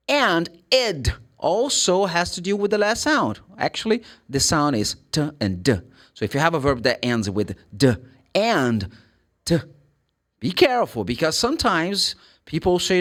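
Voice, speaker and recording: A man's voice: medium pitch, huge pitch swings, normal speed, fairly bright tone. A man with a Brazilian Portuguese accent teaching English pronunciation, spelling out letters and sounding them out. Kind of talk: pronunciation lesson.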